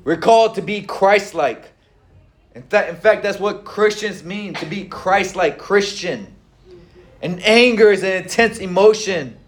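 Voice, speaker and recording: A middle-aged man preaching a sermon in a conversational way, with frequent fillers and pauses. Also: high voice. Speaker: pastor.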